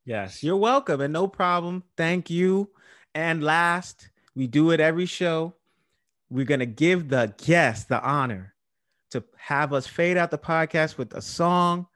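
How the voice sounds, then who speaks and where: A man's voice: on the high side, a little slow, a bit bright, no echo, studio quality. A man hosting a casual podcast, who repeats words for emphasis. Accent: New York. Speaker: podcast host.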